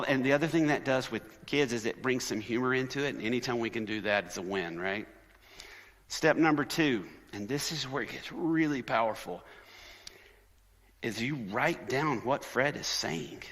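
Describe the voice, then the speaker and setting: A man giving a conversational, sermon-style conference talk, animated and lively, often acting out quoted voices. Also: medium pitch, moderate pace. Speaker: conference speaker. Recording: long hall reverb.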